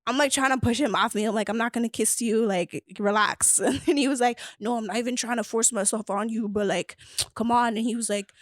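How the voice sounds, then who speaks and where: A woman's voice: on the high side, brisk, dry recording, clean studio sound. A woman guest on a podcast telling a dating story in casual chat, acting out the other people's lines as she goes. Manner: animated, acts out quoted dialogue.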